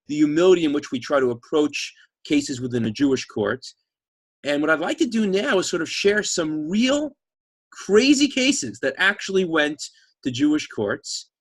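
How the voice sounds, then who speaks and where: A man teaching an online class, telling a story in an animated, chatty way and reading out viewer comments. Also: on the high side, slightly rough, no echo.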